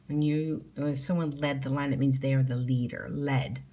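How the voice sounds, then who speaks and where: A woman's voice: very deep voice, steady tone, normal speed, hardly any pauses, warm tone. A middle-aged woman teacher leading a phonics spelling lesson for young children at home, patiently sounding out letters and words.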